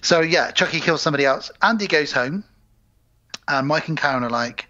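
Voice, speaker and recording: A man co-hosting a podcast, recapping a film in a casual, animated way with lots of swearing. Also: fairly high pitch, fairly quick. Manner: animated, swearing, acts out scenes. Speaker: podcast co-host. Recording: muffled home podcast audio.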